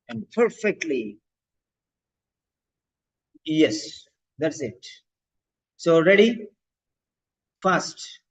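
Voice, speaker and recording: A man teaching a live online lecture, speaking slowly and emphatically, often asking rhetorical questions. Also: fairly high pitch. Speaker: instructor. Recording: dull lo-fi audio.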